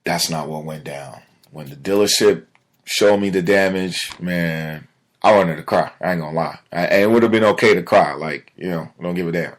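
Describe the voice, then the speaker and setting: A man hosting a casual solo podcast, telling a personal story in an animated way that sinks to a low mutter when he is upset. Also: moderate pace. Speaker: podcast host.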